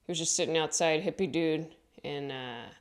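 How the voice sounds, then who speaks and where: A woman comedian telling rambling stories in a casual, mumbly way and acting out quotes in higher voices. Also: moderate pace. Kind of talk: casual comedic storytelling monologue.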